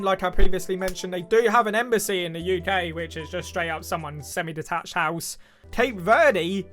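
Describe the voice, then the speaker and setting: A man's voice: sits high, pushed and bright. A young British man, probably in his twenties, reads quiz questions aloud and answers them in a wry, joking commentary. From United Kingdom. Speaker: YouTuber taking an online quiz.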